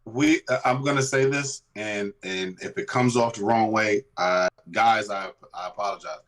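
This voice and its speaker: A man's voice: on the low side, a bit bright. Blunt man in casual podcast chat. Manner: blunt, profane, quick asides. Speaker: podcast co-host.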